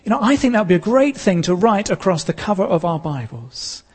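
A man preaching a sermon as pastor of his church, earnest and emphatic, repeating key lines with pauses. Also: high voice, sing-song, breathy edge, long reverb tail.

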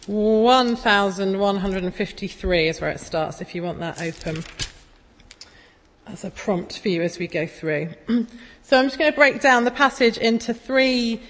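A woman preaches in a relaxed, conversational way, in a mid-range voice. She tells homely stories with a self-deprecating humour. Her voice rings out with a long reverb, as in a large church hall. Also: medium pitch. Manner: chatty, self-deprecating storytelling. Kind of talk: casual sermon.

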